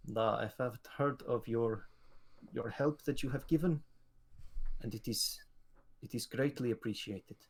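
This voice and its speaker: A man voicing a stately older queen mother who speaks slowly and formally, in a tabletop role-play. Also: medium pitch, slightly rough. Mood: regal. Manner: slow, formal, regal speech.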